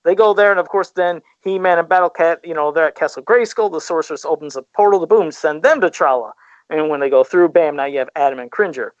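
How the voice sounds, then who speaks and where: A man hosting a podcast, recapping an episode in an animated, storytelling way. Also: a little high, fast talker, no room sound. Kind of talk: casual podcast chat. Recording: dry, dull lo-fi podcast audio.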